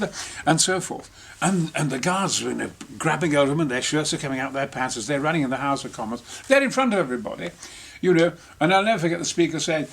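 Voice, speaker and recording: A man's voice: on the high side, expressive, fast talker, fairly bright tone, a little hiss or hum. Boisterous sweary man telling stories. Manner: boisterous, sweary, theatrical storytelling. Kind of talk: casual behind-the-scenes chat.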